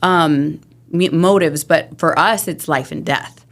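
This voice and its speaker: A woman's voice: fairly low pitch, measured pace. A middle-aged woman, a podcast guest, speaking candidly and earnestly about her recovery, with frequent restarts and nervous laughs. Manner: earnest, rambling with restarts, laughs through hard moments. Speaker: interview guest.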